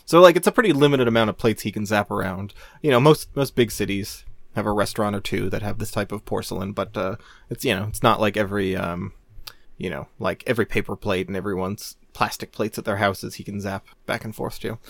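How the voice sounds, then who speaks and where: A man's voice: lowish voice, fairly quick, creaky, no echo. A man on a casual podcast telling a long rambling story, laughing often and restarting his sentences. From Maine, USA. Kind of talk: casual chat.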